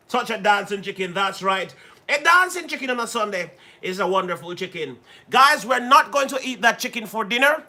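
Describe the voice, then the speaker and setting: A man's voice: high voice, very animated, brisk, sharp tone. A man hosting a livestream in playful, casual chat, repeating himself and laughing often. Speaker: livestream host.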